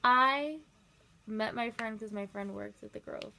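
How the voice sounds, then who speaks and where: A woman's voice: a little high, creaky, sharp tone. A young woman vlogger chatting casually and rambling through a story while doing her makeup. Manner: rambling, filler-heavy, quick asides.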